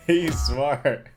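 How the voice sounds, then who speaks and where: A man doing casual reaction commentary, laughing often and tossing in slangy asides. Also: on the high side. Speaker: reaction streamer.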